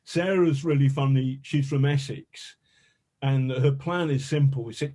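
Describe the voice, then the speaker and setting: A man, a journalist, telling a lively, self-mocking anecdote as a podcast guest, with a lot of swearing. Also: mid-range voice, normal speed. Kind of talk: anecdotal storytelling.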